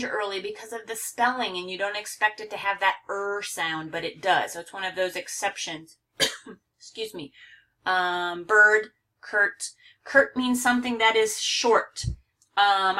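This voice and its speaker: A woman gives a recorded pronunciation lesson from a handout, reading word lists slowly and clearly. Her voice is bright and her pace unhurried, with an occasional cough. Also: mid-range voice. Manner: slow, careful, reads word lists aloud one by one. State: coughing now and then. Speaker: English pronunciation teacher.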